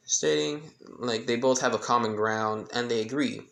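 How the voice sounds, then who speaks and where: A man casually retelling a fan-made story, rambling and halting, stumbling over names as he goes. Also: medium pitch, creaky, fairly bright tone.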